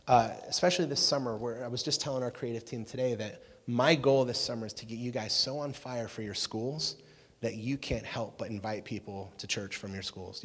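A man giving a youth sermon as a pastor, telling stories casually and animatedly and often checking in with "right?". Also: medium pitch. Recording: echoey hall reverb.

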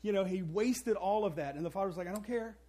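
A man's voice: high-pitched, fast, mellow. A man preaching a sermon, telling a story with playful asides and acting out the characters' voices. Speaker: pastor.

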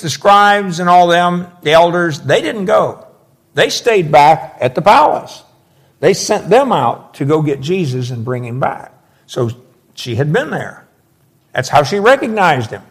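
Guy preaching a sermon, kinda higher voice, emphatic and folksy, explains verse by verse. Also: a bit bright.

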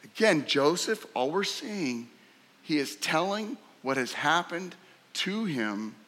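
Preacher with a reverberant hall sound. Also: male voice, on the high side, very animated, takes it slowly, fairly bright tone. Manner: emphatic, rhetorical questions, voice rising sharply when acting out the brothers' scorn. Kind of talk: sermon.

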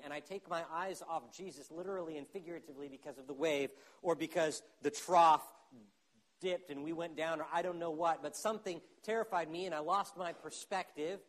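A man preaching a sermon, animated, swinging between loud urgency and hushed, intense moments. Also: high voice. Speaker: pastor.

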